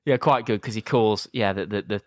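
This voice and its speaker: A man's voice: fairly low pitch, a little fast, no echo. A man, co-hosting a casual film review podcast, dry and wry, acting out bits of scenes. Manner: dry, acts out scenes in silly voices. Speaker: podcast co-host.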